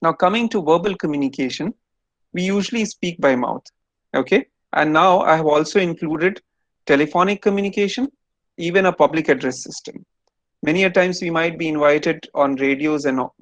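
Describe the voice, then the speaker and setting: A man's voice: fairly high pitch, no echo. A man giving an online lecture to students over a video call, explaining step by step and quizzing them.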